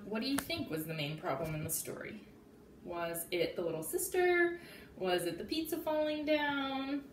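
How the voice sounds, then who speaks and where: A woman teacher reading a storybook aloud to children and explaining it, slow and expressive, with sound effects, in an echoey room with faint background noise. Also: mid-range voice, recorded from a distance.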